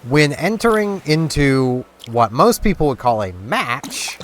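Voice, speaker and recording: A man's voice: fairly high pitch, big pitch swings, a little slow. A young man from Canada rambling casually over a video game, full of fillers and restarts. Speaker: gaming video host. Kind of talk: casual gameplay commentary. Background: game music.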